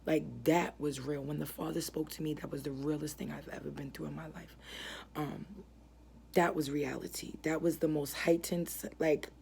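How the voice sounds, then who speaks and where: Brief: young woman, low, flat, gravelly voice, earnest halting religious testimony. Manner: earnest, halting, many fillers and restarts. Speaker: ministry founder giving testimony.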